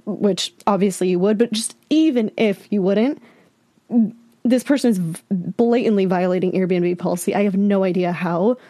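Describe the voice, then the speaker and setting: Warm and medium-pitched at a normal speed, with no room sound, this podcast host offers casual commentary. She's candid and exasperated, speaking directly to her audience and addressing them as "you guys."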